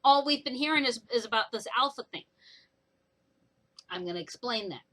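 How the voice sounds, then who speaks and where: A young woman casually retelling a book's plot in a chatty, animated way for her vlog. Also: fairly high pitch, normal speed, low-quality recording. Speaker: book reviewer. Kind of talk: casual book review vlog.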